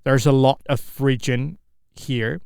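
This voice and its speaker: A young Indonesian man with an Indonesian accent practices spoken English alone in a vlog, halting and often stopping and restarting as he searches for words. His mid-range voice is smooth, resonant, steady, and a little mellow. It's recorded close and dry, with no room sound.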